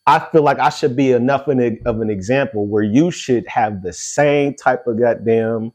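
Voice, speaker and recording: A man's voice: medium pitch, normal speed, hardly any pauses, slightly rough. A middle-aged man hosting a casual podcast chat, telling stories freely with plenty of swearing. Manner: animated storytelling, swears freely. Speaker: podcast host.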